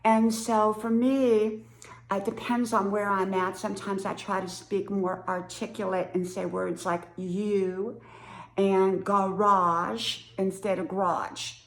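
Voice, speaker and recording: A woman's voice: mid-range voice, level tone, a little slow, a little mellow, slight background noise. Appalachian lady in her 60s, chatty vlog talk, laughs a lot, roomy echo. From West Virginia, Appalachia. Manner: chatty, laughs often, folksy. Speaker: vlogger. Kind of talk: casual talk to camera.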